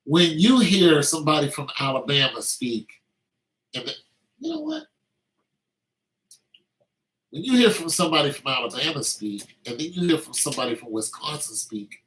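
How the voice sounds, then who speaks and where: A man's voice: a little high, bright, forceful tone, poor audio. A man talking in a casual, meandering monologue, telling anecdotes with lots of fillers.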